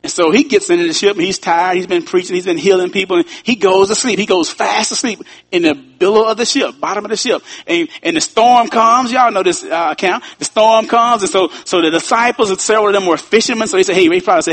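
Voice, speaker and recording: A man's voice: high-pitched, quick pace, a bit bright. A man preaching a sermon as pastor, building emphasis and calling out to his congregation. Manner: preaching with rising emphasis and call-outs to the congregation.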